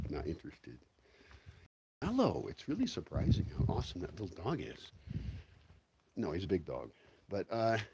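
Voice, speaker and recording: A man's voice: low-pitched, noisy background. A man rambling casually through a vlog at home, swearing freely and walking around outdoors while he talks. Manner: rambling, profane, talks to himself and his dogs. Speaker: vlogger.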